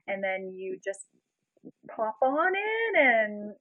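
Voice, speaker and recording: A woman's voice: a little high, big pitch swings, slow pace, dry recording, phone-quality sound. A young woman from Canada chatting casually on a phone live stream, greeting viewers by name and giggling as she talks. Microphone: phone being propped up.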